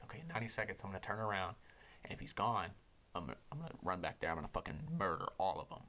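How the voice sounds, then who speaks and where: Young guy w a lowish voice, cussing a lot while he tells a story, goes hushed sometimes. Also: racing, a little hiss or hum. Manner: profane, animated storyteller who drops to a hushed voice for inner thoughts. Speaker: podcast host. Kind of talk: casual storytelling chat.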